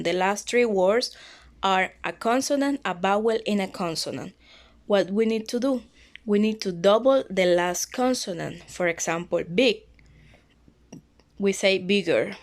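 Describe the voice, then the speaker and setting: Slow, patient woman teaching grammar. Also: medium pitch. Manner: patient, repeats words and rules, non-native grammar slips. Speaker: English teacher. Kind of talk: slow explanatory grammar lesson.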